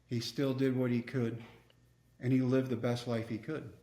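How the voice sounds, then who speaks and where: A man's voice: mid-range voice, little pitch movement, moderate pace, dark tone, roomy sound. A man, telling personal stories earnestly as a podcast guest. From Texas. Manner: earnest, reflective storyteller. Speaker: guest speaker. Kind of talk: storytelling interview.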